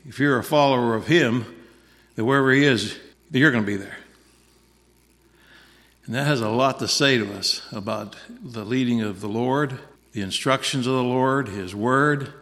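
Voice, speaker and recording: A man's voice: medium pitch, fairly bright tone, long reverb tail. A man preaching a sermon in a folksy, repetitive way, dropping in frequent amens.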